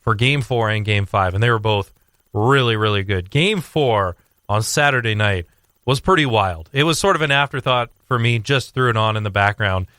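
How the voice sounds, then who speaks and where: A young man talking sports on a radio show, rambling with fillers and restarts as he tells a story with growing excitement. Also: fairly low pitch, normal speed, no echo, studio quality. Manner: animated storytelling. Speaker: sports commentator guest. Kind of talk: casual radio sports chat.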